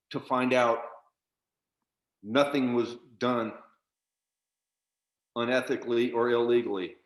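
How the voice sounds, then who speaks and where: A man in a union virtual town hall, furiously questioning leadership over a video call, swearing and repeating himself. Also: medium pitch. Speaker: union member asking a question.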